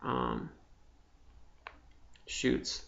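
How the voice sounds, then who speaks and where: A young man giving an impassioned, profane spiritual monologue, dropping from hushed to loud. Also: drawn-out words. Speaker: vlogger. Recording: slightly dull lo-fi sound.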